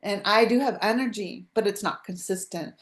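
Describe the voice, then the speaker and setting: A woman's voice: mid-range voice, moderate pace. A woman hosting a live spiritual podcast over a video call, talking casually in a rambling, chatty way with frequent restarts. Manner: rambling, chatty, self-interrupting with laughs. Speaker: podcast host.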